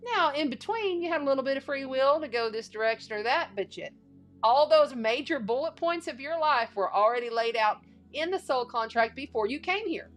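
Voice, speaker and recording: A woman with a drawl leads a loose, chatty tarot reading, circling back to the same phrases for emphasis. Her voice sits a little high. Soft music plays faintly under her. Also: expressive, normal speed. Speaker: astrology and tarot reader. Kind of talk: casual spiritual livestream reading.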